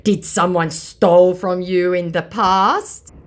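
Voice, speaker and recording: A woman's voice: fairly low pitch, fairly even intonation, slow pace. A woman voicing a mocking male online scammer who cackles and taunts.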